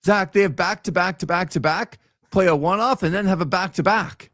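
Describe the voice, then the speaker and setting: Jokey animated male sports co-host. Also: high-pitched, fairly quick, dry recording, clean studio sound. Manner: animated, jokey, repeats phrases for effect. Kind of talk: casual sports chat.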